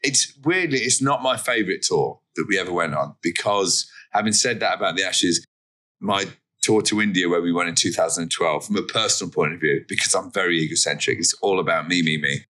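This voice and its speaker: A jokey English man with a very low voice that still has a bright, forceful edge. He talks as a guest in a relaxed chat and pokes fun at himself. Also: fairly quick. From England. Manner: jokey, self-deprecating. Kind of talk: casual chat.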